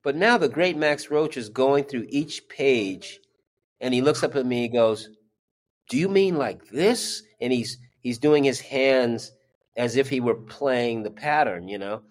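A man's voice: mid-range voice, measured pace. A man, a drummer and music teacher, telling a story as an interview guest and acting out the voices he quotes.

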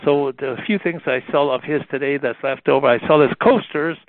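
A man telling anecdotes on a radio call in a lively storytelling manner, acting out the people in his tales. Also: medium pitch, fairly quick, no echo. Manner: animated, acts out the voices in his stories. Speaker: guest telling stories about a friend. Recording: tinny phone-like radio line.

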